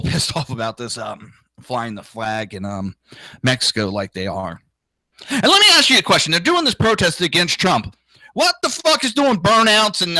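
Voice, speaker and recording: A political talk show host rants alone, crude and indignant, swearing and doing mocking impressions of other people. His voice is a little high, bright and forceful, recorded with no room sound and in low quality.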